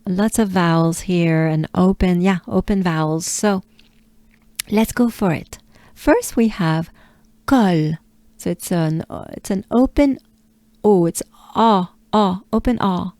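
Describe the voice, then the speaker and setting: A woman from France with a French accent, patiently coaching pronunciation and repeating words slowly with soft breathy asides. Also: fairly low pitch, dry recording. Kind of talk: slow pronunciation lesson.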